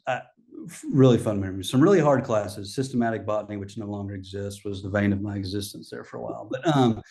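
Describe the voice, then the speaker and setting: A man's voice: fairly low pitch, darkish tone. A middle-aged man, a guest chatting casually in an interview, rambling with many fillers and restarts. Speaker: guest, coffee shop owner.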